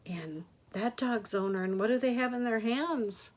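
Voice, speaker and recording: An older woman, a grandmother, reading picture books aloud to children in a gentle, expressive way, gasping and asking them questions. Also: a little high, takes it slowly, a little hiss or hum. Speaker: grandmother storyteller.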